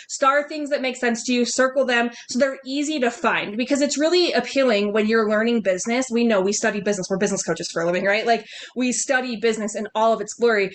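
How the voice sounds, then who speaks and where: A woman business coach giving upbeat, chatty sales coaching on a group video call, laughing often. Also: a little high.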